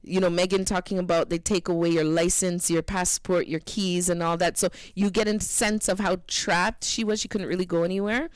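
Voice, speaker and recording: A woman co-hosting an internet radio show, chatting casually and telling stories in an animated way. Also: fairly low pitch, brisk, hardly any pauses, clear, resonant tone, dry recording.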